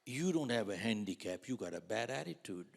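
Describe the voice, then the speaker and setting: A man's voice: on the low side, sing-song, fairly quick, vocal fry, exaggerated voice. A man voicing a blunt, stern male insurance manager, curt and scolding as he speaks.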